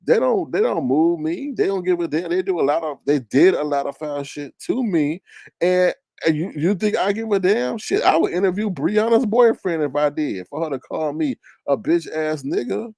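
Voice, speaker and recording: A young man hosts a casual commentary stream, ranting and mocking with a rather high voice that swings wildly up and down. His voice has a gravelly edge, and the sound is dry and close. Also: no echo. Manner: loud, profane, mocking rant with big pitch swings. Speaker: commentary show host.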